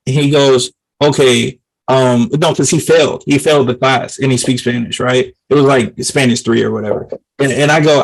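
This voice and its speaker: A man co-hosting a casual group chat, telling animated stories and swearing casually. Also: mid-range voice, moderate pace, creaky, low-quality recording. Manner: animated storyteller, quotes people, swears casually. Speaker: podcast co-host.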